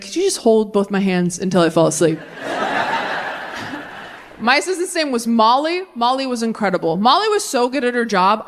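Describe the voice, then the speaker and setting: A woman in her thirties performing a stand-up routine on stage, acting out the voices she quotes. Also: a little high. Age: 30s. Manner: animated, acts out quoted voices. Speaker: stand-up comedian. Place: stage before a laughing audience. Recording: live show with faint audience noise.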